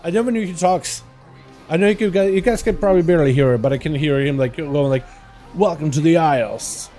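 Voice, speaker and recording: Man, fairly high voice, mellow tone, casual gameplay chatter, faint music behind. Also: fairly even intonation, fast talker. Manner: chatty, lots of "like", greets viewers by name. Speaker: livestream host. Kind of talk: casual live gameplay commentary.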